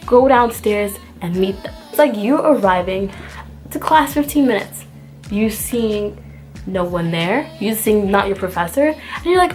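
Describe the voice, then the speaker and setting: A young woman from the United States telling a storytime to her viewers in an exasperated, animated way, acting out both sides of the argument. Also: a little high. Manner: animated, exasperated, acts out the dialogue. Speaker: vlogger. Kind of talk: storytime rant.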